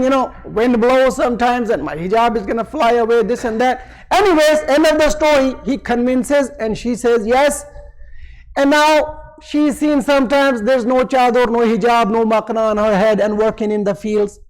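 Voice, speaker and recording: A man's voice: very high-pitched, moderate pace, poor audio. A male preacher telling a story in a sermon, conversational and with frequent asides. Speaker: religious preacher.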